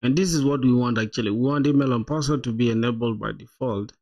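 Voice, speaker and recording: Gravelly man thinking aloud while coding. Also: mid-range voice, fast, a little mellow, highs cut off. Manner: thinks aloud, laughs often, says "bro" a lot. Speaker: streamer coding live. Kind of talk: casual live-coding stream chat.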